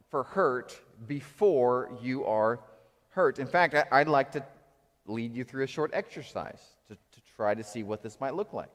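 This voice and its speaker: A man preaching a sermon as pastor, animated, moving between loud acted outbursts and quiet reflective passages. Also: mid-range voice, in a large hall. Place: church sanctuary.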